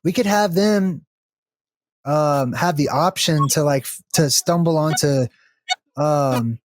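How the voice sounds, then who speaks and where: A man's voice: a little high, takes it slowly, dry recording. A man chatting casually during a gameplay session over a voice call, thinking aloud as he explains ideas. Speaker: co-host of a gaming video.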